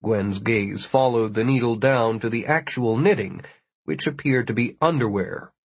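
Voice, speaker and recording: A man's voice: mid-range voice, moderate pace, slightly rough, dry recording. A man reading an audiobook aloud in a dry, wry storytelling manner. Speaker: audiobook narrator. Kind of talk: scripted narration.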